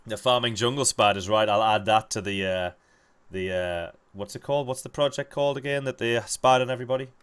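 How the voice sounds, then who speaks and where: A young man chatting casually while gaming with friends, swearing freely and rambling through animated stories. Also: fairly low pitch, a little fast, clear, resonant tone. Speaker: gamer playing with friends over voice chat.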